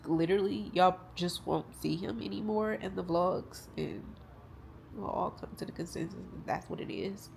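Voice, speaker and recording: A woman's voice: fairly low pitch, normal speed, gravelly, darkish tone. Tearful young woman vlogging about grief. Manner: talks openly about grief, loose and rambling, addresses viewers as y'all. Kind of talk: casual vlog talk to camera. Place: at home.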